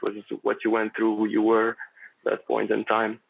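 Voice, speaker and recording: A man's voice: lowish voice, monotone, moderate pace, vocal fry. A man chatting as a podcast guest, rambling and philosophical, with lots of fillers and restarts. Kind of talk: casual conversation. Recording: tinny phone-like line.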